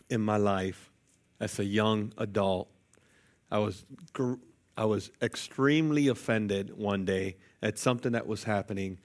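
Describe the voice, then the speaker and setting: A man preaching a sermon, telling a personal story with playful jokes to the congregation. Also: lowish voice. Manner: lively, jokey asides to the congregation. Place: church sanctuary.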